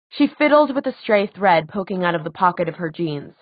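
A woman narrating an audiobook in a measured, even storytelling manner. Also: on the low side, dry recording, lo-fi sound.

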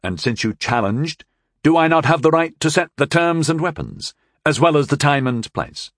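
A man's voice: fairly high pitch, animated, normal speed, no room sound, clean studio sound, pitched above the performer's own voice, lightly acted. A man voicing a hot-headed teenage male squire who speaks stiffly and formally. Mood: indignant formal.

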